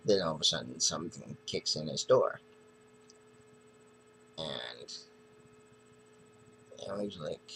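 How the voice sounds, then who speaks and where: Slow, gravelly man reviewing comics. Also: a bass voice, expressive, sharp tone, slight background noise, rough recording. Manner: rambling, hesitant retelling.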